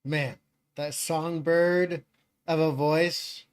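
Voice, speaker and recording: A man's voice: on the high side, steady tone, drawn-out words, clean tone. A man hosting a live stream in a casual, rambling way, laughing often as he chats.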